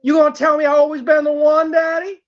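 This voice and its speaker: A woman's voice: high voice, fairly even intonation, moderate pace, a bit bright, highs cut off. A woman voicing a brash, flirty female pig in a wig in a game role-play, clingy and calling everyone daddy. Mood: pleading.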